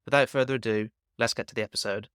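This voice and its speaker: Man, podcast host, casual chat, clear voice, dry sound. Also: mid-range voice, steady tone, fast, fairly bright tone, no room sound. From Black Country, England.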